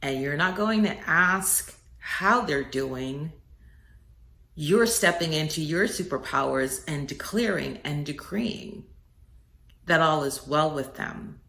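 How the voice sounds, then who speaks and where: Low-voiced earnest woman, motivational message. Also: animated, slow pace, vocal fry, fairly bright tone, echoey room. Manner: earnest, preacherly, swells on key words. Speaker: inspirational speaker.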